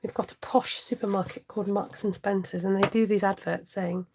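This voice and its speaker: A woman's voice: mid-range voice, steady tone, fairly quick, creaky, noisy background. A woman hosting a live craft tutorial, chatty and giggly as she reads out viewer comments. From United Kingdom. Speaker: crafting channel host.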